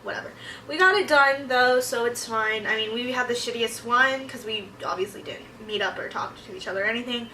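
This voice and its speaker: A bright, forceful young woman chatters through a rambling vlog, her voice sitting a little high. She tells her stories excitably and acts out her own reactions. She sits back from the mic in a roomy, echoing space. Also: fairly quick, slight background noise. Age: young adult. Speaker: vlogger. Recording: echoey room, mic at a distance.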